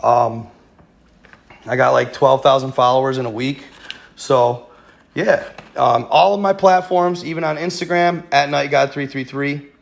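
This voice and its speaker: A man's voice: mid-range voice, steady tone, measured pace, gravelly. A man hosting a casual livestream, rambling with many fillers and talking straight to his viewers. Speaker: livestream host.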